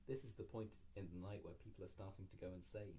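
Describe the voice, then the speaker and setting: A man's voice: sits low, fast, mellow, slight background noise. A young man hosting a podcast, reading his own story aloud in casual chat and laughing often as he swears and mocks himself.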